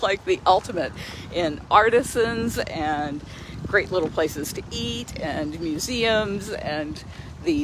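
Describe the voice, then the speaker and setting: Talking into her phone outdoors near a lake, a woman hosts a casual sanctuary livestream, chatty and enthusiastic and laughing often. Her voice is lowish, with background noise around her.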